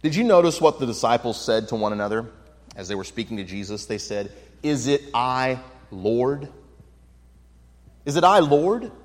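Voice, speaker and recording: A man's voice: mid-range voice, animated, moderate pace. A man leads a Bible study, reading scripture aloud and explaining it in an earnest tone. His voice sits in a middle register. A long reverb trails his words, as in a large room with a projection screen. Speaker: Bible teacher.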